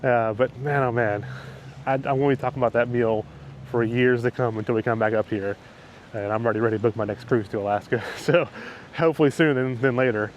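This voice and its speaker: A man's voice: mid-range voice, steady tone, a little fast, slight background noise. A man hosting a casual travel vlog outdoors in a port town, talking with eager enthusiasm and lots of superlatives. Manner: enthusiastic and upbeat, with frequent superlatives. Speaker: travel vlogger.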